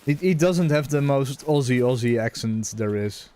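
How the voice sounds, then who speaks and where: A man's voice: medium pitch, expressive, normal speed, mellow. A young man casually commenting on a hunting game while chatting with his viewers, musing aloud in a rambling, conversational way. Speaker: gaming streamer.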